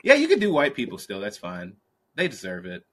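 A man's voice: lowish voice, wildly swooping pitch, a little fast, slightly rough. A man co-hosting a casual comedy podcast, rambling and giggling in a self-mocking way. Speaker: podcast co-host.

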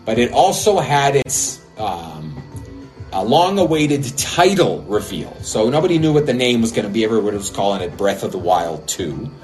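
A man's voice: lowish voice, big pitch swings, moderate pace, darkish tone, soft background music. A man hosting a casual podcast, laughing often and rambling with many fillers. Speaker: podcast host.

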